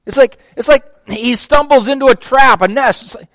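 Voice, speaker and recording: A man preaching a verse-by-verse sermon in a conversational, animated way, acting out the scenes. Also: extremely high pitch, brisk, hardly any pauses, no room sound. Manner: animated, conversational, acts out the text. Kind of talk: expository sermon.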